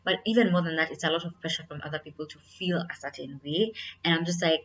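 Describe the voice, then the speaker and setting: Low-voiced young woman, candid vlog. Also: fast, fairly bright tone, highs cut off. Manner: candid, earnest, many fillers like "like" and "you know". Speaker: vlogger. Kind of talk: casual reflective vlog.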